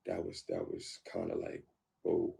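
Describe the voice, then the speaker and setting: A deep-voiced man with a gravelly, dark tone recounts a past relationship in a candid interview. He speaks in halting bursts, restarting and repeating his words. His voice sits low and relaxed. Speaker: guest.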